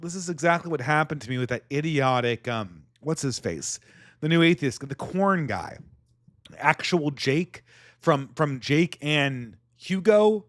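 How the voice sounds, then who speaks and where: A man hosting a casual livestream, reading donations and talking in a sardonic, halting way with frequent restarts. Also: fairly high pitch, a bit bright, no echo, clean studio sound. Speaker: livestream host.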